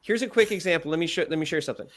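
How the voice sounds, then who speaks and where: A man giving direct, animated feedback as a pitch coach, acting out examples as he goes. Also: very fast, a little hiss or hum.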